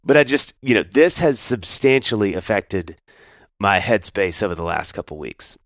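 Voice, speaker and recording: A man co-hosting a podcast, telling stories in a casual chat with an animated delivery and lots of restarts. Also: fairly low pitch, moderate pace, no room sound, studio quality. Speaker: podcast co-host.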